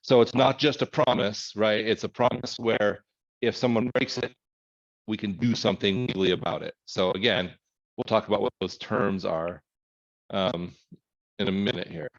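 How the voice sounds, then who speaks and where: Male instructor, lowish voice, loose chatty lecturing with self-corrections, dull lo-fi sound. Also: steady tone, moderate pace, creaky. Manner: conversational, thinking aloud with fillers and self-corrections. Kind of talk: recorded lecture. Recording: muffled lo-fi lecture recording.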